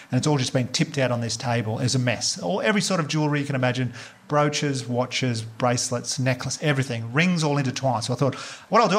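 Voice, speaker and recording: An Australian man in his thirties doing a stand-up comedy set, telling a story quickly and acting out the dialogue. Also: a little high. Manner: fast storytelling with acted-out dialogue. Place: live comedy venue before an audience.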